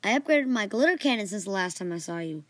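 A woman's voice: mid-range voice, expressive, fast, dry recording, recorded from a distance, natural voice. A woman doing a grumpy little leprechaun. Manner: grumpy, curt. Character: grumpy small male leprechaun.

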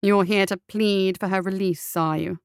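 A woman's voice: medium pitch, fairly even intonation, moderate pace, smooth, no room sound, close to an everyday voice. A woman voicing a vain, pompous male guild officer in a storybook, speaking in a dry, haughty drawl.

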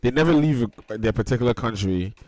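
A man's voice: medium pitch, animated, fast talker, darkish tone. A man hosting a casual podcast, telling a story with laughter and acted-out quotes. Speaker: podcast host. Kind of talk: casual ranting chat.

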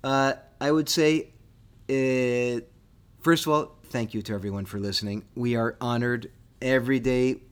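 Excited guy co-hosting a history podcast, chatty and upbeat. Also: medium pitch, unhurried, smooth. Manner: enthusiastic, eager. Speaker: podcast co-host. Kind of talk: casual chat.

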